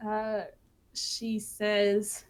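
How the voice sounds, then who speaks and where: A woman's voice: mid-range voice, monotone, extremely slow, clear, resonant tone. A woman guest player narrating her character in a tabletop game, rambling and enthusiastic.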